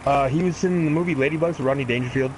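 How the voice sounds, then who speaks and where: A man's voice: mid-range voice, rapid-fire, noisy background. A man co-hosting a casual gaming stream, joking crudely and swearing a lot. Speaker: podcast co-host.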